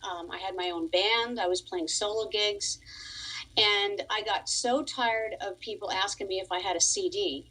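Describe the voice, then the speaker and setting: A woman's mid-range voice, steady and sharp with a breathy edge, moves at a normal speed over poor audio. The forty-something Long Islander from New York, a musician and piano teacher, chats comfortably as a radio interview guest and laughs often while telling her story.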